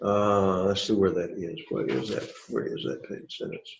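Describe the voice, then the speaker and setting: A man's voice: sits low, lively intonation, moderate pace, gravelly, few pauses. Man lecturing in an echoey classroom. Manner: explains with frequent okay and all right checks. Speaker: Greek teacher and preacher. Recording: echoey classroom, dull lo-fi sound.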